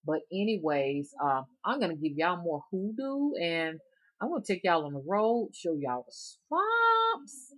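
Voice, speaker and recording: Folksy low-voiced Southern woman. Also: lively intonation, moderate pace. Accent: Southern US, Alabama. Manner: rambling, folksy, chuckling often. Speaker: rootworker vlogger. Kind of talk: casual chat to viewers.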